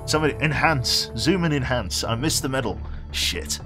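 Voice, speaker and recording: A man's voice: medium pitch, lively intonation, moderate pace, over music. A young man with a Birmingham accent chatting casually with viewers while he streams a game, self-mocking, laughing often and swearing freely. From England. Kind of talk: casual live-stream chat while playing.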